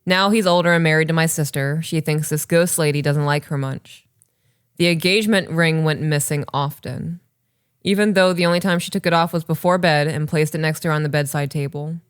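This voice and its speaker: A woman in her thirties co-hosting a podcast, reading listener stories and chatting casually, animated and swearing freely. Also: low-pitched, a little fast, smooth. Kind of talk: casual chat and story reading.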